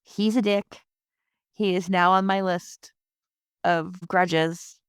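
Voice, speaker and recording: Jersey girl podcast host, sarcastic recap chat, smooth clear voice, dry close mic. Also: on the low side, takes it slowly, no room sound. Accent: New Jersey. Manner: chatty and sarcastic, with animated asides. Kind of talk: casual episode recap chat.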